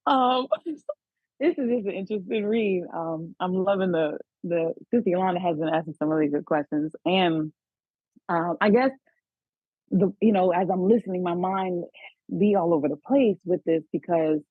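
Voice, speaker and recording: A woman's voice: on the low side, normal speed, no echo. A woman calling in to a study call, thinking aloud with many fillers. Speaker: caller. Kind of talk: casual phone call. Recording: muffled phone line.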